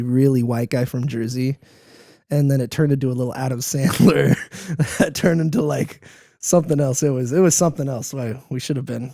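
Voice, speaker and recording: A man's voice: medium pitch, dark tone, no echo, studio quality. A young man hosting a podcast in casual chat, upbeat and joking, laughing often. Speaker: podcast host.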